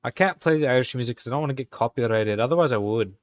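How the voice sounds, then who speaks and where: A man hosting a live stream, talking casually and halting as he types commands. He mutters to himself and corrects himself, all in an exaggerated put-on Irish accent. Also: medium pitch, no room sound, muffled recording. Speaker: live-stream host coding game commands. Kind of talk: casual live-stream commentary while typing.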